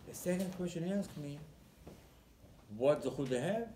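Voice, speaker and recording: A man's voice: on the high side, lively intonation, normal speed, warm tone, slight background noise. A man, a rabbi giving a Torah sermon, telling the story animatedly and acting out the dialogue, often repeating words as he searches for his phrasing. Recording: roomy echo, faint background ambience.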